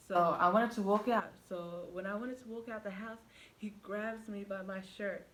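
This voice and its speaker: A woman's voice: medium pitch, moderate pace. Young woman doing a storytime vlog, chatty, talks right to viewers, bit of faint hiss behind. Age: young adult. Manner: animated storyteller who acts out quoted dialogue; chatty, addresses viewers directly. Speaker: vlogger. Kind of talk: storytime vlog, casual retelling.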